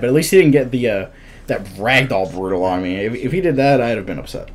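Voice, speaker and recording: A young man giving live commentary over his fighting-game matches, casual and self-critical, muttering under his breath and then yelling out at big moments. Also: mid-range voice, expressive, quick pace. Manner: reactive, swings from muttering to sudden shouts. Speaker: gameplay commentator.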